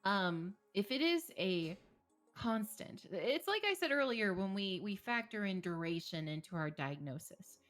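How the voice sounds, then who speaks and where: A woman therapist appears as a guest on a livestream, speaking frankly about mental health while joking and laughing a lot. Her voice is mid-pitched, lively, and fairly bright, her pace unhurried, with soft music playing behind her.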